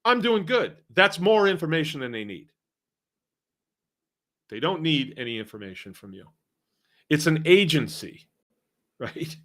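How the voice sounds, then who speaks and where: A man's voice: a little high, lively intonation, unhurried, long pauses, a bit bright. A middle-aged man from Massachusetts hosting a casual live stream, reading viewer comments aloud and rambling along with chuckling asides. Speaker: host.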